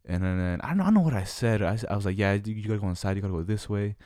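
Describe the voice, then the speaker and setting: This is a young man telling a rambling story in casual chat, full of slang, who keeps slipping into other people's voices as he goes. His voice sits a bit low and he talks fast. The recording is close and dry, with no room sound. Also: dark tone, no echo. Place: Utah.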